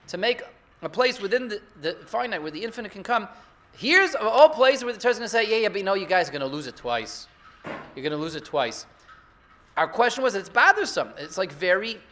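High-pitched, bright-voiced rabbi giving a sermon. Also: male voice. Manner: rhetorical, builds to excited emphasis. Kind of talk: Torah sermon.

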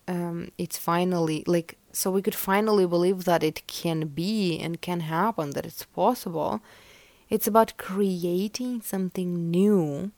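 Slow, soft-spoken woman podcast host. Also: lowish voice, dry recording. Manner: meandering, many "like" fillers. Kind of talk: casual chat and collective tarot reading.

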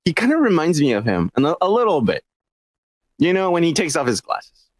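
A man co-hosting a podcast, chatting casually over beers, animated and profane, saying "bro" a lot. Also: fairly high pitch, a little fast, dry recording, studio quality. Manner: animated, swearing, laughing, says "bro". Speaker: podcast co-host.

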